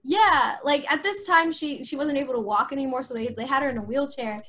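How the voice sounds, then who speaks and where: A young woman telling a personal story in a casual, rambling way, full of fillers and restarts, dropping soft and low at the sad parts. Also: brisk. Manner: frequent filler "like", trailing restarts. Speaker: guest sharing a personal story.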